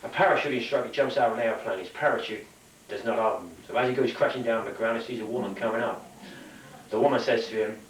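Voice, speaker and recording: A man's voice: on the low side, fast talker, slight background noise. Man telling jokes, echoey. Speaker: stand-up comedian. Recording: echoey room, from far off.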